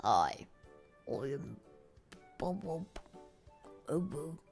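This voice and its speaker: Woman playing a hushed, awkward wolf-man with a forced low voice, faint music behind. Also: big pitch swings, drawn-out words, creaky, full character voice. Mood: gruff mumble. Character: deep-voiced grown man, wolfish and awkward. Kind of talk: livestream bit.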